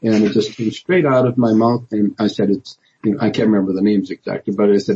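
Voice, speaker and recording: A man's voice: lowish voice, steady tone, fast, warm tone, breathy edge, highs cut off. A man, a politician guest in an interview, telling his story in a rambling way with many restarts and fillers. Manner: rambling, many restarts and "you know", laughs often.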